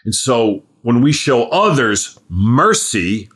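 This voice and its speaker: A man preaching a sermon in an earnest voice, rising to loud emphatic peaks and dropping to low, hushed stretches, with frequent restarts as he thinks aloud. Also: very animated, takes it slowly. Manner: repeats and restarts words while thinking aloud.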